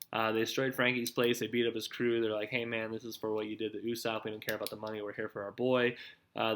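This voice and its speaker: A young man with a medium-pitched, slightly bright voice hosts his own show, rambling through a laid-back recap of anime episodes packed with "like" and "dude."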